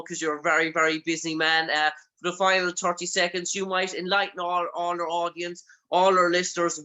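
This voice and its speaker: A man's voice: high-pitched, pushed and bright, rough recording. A male radio interviewer with an Irish accent, asking long, effusive questions full of fillers. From Ireland. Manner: effusive, rambling, many fillers.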